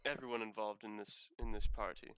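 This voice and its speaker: A man's voice: lowish voice, steady tone, brisk, fairly bright tone, poor audio. A man playing a tabletop game who speaks hesitantly with many fillers. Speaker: player.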